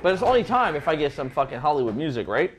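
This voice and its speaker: A man's voice: a little high, very animated, fast talker, a little hiss or hum. A man hosting a casual podcast, swearing and laughing as he talks, reading out a news story. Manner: defensive, swearing, laughing while talking. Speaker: podcast host.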